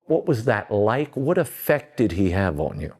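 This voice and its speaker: A man's voice: fairly low pitch, very animated, moderate pace, a little mellow, slightly rough. A man hosting an interview, asking short, direct questions and prompting his guest. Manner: brief prompting questions and back-channel murmurs. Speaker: interview host.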